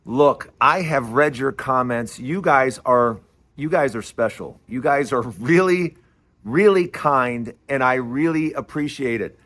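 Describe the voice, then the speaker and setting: Bright-voiced man hosting a commentary show. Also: mid-range voice, measured pace. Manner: talkative, restarts phrases, self-deprecating asides; mocking, repeats lines for emphasis. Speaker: host of a political commentary show. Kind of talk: casual commentary vlog.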